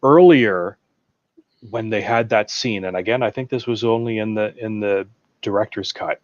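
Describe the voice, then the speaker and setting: Recorded dry and lo-fi, this man speaks at a moderate pace in a lowish voice. He's a podcast guest and prop builder in a relaxed film chat, wandering off on enthusiastic tangents about movie trivia and his own prop creations.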